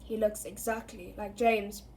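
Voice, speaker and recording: A woman voicing a calm older male wizard who talks in a quiet, slow, measured way, pitched lower. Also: a little hiss or hum, close to an everyday voice.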